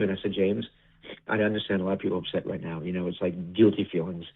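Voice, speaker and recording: Fast-talking man on a phone line. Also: deep voice, breathy edge. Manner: fast, animated storytelling with many restarts. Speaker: interview guest, wrestling producer. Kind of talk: casual interview talk.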